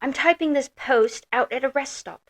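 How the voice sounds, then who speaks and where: A woman's voice: high-pitched, moderate pace, a bit bright, pitched above the performer's own voice. A woman reading a story post aloud in an exaggerated, dramatic, mock British accent.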